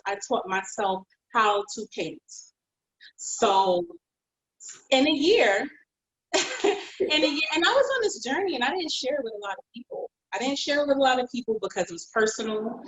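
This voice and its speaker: A woman painter telling her own story in an interview, heartfelt and expressive and quick to laugh. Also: mid-range voice. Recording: roomy echo.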